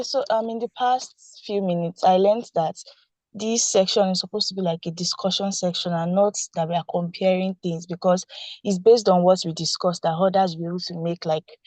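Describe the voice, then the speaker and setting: A polite woman student sums up a lesson with some hesitation. Her voice is slightly low and sounds dry, over a video call. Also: darkish tone, no echo, poor audio. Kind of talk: class summary answer.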